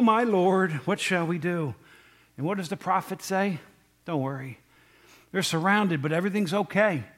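A man teaching a Bible story in a casual, conversational way, often asking his listeners questions. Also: fairly high pitch.

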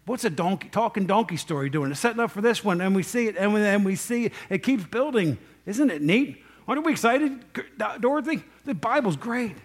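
A man's voice: sits high, expressive, brisk, few pauses. A man teaching a Bible story in a casual, conversational way, often asking his listeners questions.

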